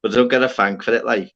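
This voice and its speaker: A man's voice: on the low side, muffled recording. A man hosting a livestream, trading jokey, self-mocking banter in casual chat. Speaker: livestream host.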